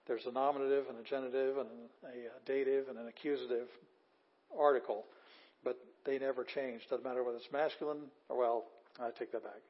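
A middle-aged man teaching a Greek class, explaining grammar emphatically and repeating words for stress. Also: medium pitch. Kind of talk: classroom lecture. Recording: dull lo-fi class recording.

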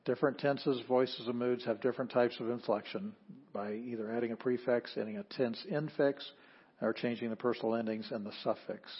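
A man teaching a Greek grammar class, explaining plainly and leading students through a slow read-aloud. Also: mid-range voice, steady tone, breathy edge. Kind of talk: classroom lecture. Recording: dull lo-fi classroom recording.

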